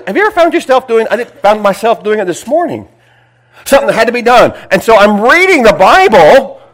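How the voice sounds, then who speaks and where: A man preaching a sermon, reading scripture aloud with emphatic, drawn-out phrases and dropping into quiet asides. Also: high voice, rough recording. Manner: swings between loud emphatic reading and hushed asides; repeats phrases, drags out words for emphasis.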